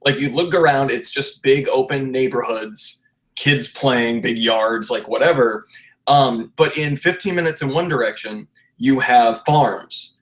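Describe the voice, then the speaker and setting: A young man from the Baltimore area hosts a casual podcast chat. He talks loosely and laughs often. His restarts and swearing keep it easygoing, at an everyday mid-range pitch. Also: measured pace, a bit bright. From Baltimore area, USA. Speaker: podcast host.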